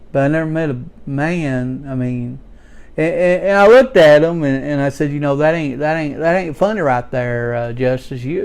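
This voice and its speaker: A man's voice: a little high, a little mellow, clean tone. A man playing a stammering redneck. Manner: stammering, folksy, storytelling. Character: folksy rambling redneck working man. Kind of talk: rambling comedic character monologue.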